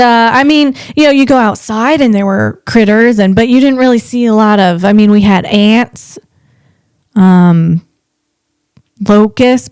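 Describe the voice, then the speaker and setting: A woman's voice: fairly high pitch, a little mellow, clean tone, no echo. A woman from the Northeast US hosting a casual comedic podcast, chatty and rambling, often restarting her sentences.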